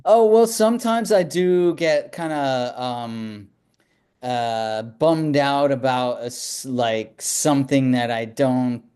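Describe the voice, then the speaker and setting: A man chatting as a guest in a casual group talk, hesitant and halting with many fillers. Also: mid-range voice, a little mellow, clear, resonant tone.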